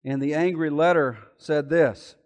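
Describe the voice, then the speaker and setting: A man preaching a sermon, building from quiet explanation into loud, emphatic, impassioned declarations. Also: a little high, a little slow, in a large hall.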